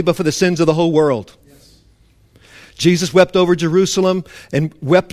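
Male pastor in a church, fairly high register, passionate sermon delivery with dramatic volume drops. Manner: impassioned, swings between loud emphasis and hushed intensity; mock-indignant voice for a legalist's complaint. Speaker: preacher.

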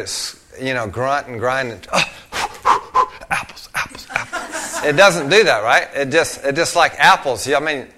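Middle-aged male preacher, storytelling sermon with emphatic swells, bright tone. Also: medium pitch. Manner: conversational storytelling, rises to emphatic peaks.

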